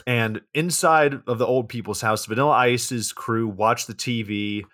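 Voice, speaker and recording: A man's voice: mid-range voice, a little slow, fairly bright tone, no room sound, clean studio sound. A man co-hosting a podcast, casually recapping a movie plot with swearing and asides. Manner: laid-back, recounts plot with swearing and asides. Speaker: podcast co-host.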